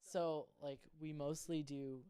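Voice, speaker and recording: Young man with a smooth, profane ramble. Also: on the high side, level tone, slow pace, mellow. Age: young adult. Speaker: podcast co-host. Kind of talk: casual chat.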